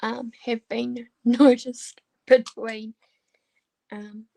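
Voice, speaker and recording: Speaking extremely slowly, a woman uses a level, warm tone that's a little high, with vocal fry. She chats casually with viewers as she diamond paints, hesitating often with ums and restarts as she responds to them.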